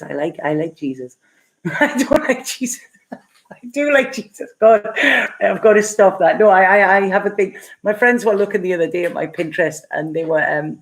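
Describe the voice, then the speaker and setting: A middle-aged woman giving a casual live tarot reading and answering viewer comments, chatty and rambling, often laughing and using plenty of fillers. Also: medium pitch. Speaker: tarot reader.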